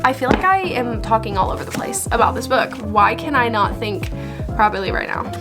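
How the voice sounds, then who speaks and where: A young woman with a slightly high voice gushes about her favorite reads in a vlog, repeating herself with emphatic bursts. Faint music plays softly behind her as she talks into her camera at home. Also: animated, brisk. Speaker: book vlogger. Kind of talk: enthusiastic book review vlog.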